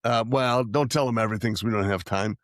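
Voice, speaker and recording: A man's voice: medium pitch, fast, dry recording, studio quality. A middle-aged man co-hosting a podcast, who keeps a casual chat going by asking questions and encouraging his partner. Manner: encouraging, leading the talk with questions. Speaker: podcast co-host.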